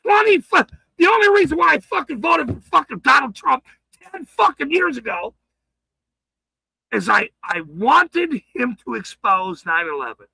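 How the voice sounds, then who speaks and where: An angry man ranting on his livestream, swearing hard, stammering and shouting. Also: very high voice, big pitch swings, moderate pace, vocal fry, no echo, rough recording. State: furious.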